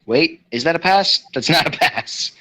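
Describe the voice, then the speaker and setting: A man playing a tabletop game, with goofy and excitable in-character banter. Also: a little high, moderate pace. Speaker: player.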